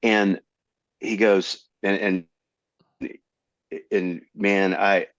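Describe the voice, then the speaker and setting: Middle-aged male comedian, low voice, dry and slightly dull recording, animated storyteller. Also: extremely slow, no room sound. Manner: animated, jumps into high voices to act out quotes. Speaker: comedian guest. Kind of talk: storytelling in a casual interview.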